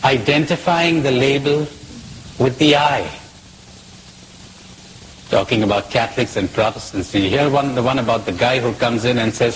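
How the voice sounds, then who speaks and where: A man's voice: mid-range voice, normal speed, pauses often, a little hiss or hum, rough recording. A man giving a spiritual talk in a playful, questioning way, mixing jokes with reflection. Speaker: spiritual speaker.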